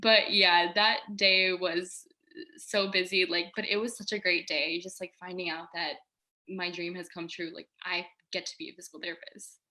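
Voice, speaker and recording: A woman's voice: fairly low pitch, moderate pace. A young woman in her twenties, a guest on an interview, telling a personal story casually and animatedly, acting out quotes. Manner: animated, quoting herself and others, frequent laughs. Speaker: guest, physical therapy school applicant.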